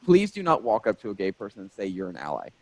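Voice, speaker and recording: A man in his thirties, a stand-up comedian telling stories in a casual interview, animated and jokey. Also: lowish voice, fast, no echo, rough recording. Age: 30s.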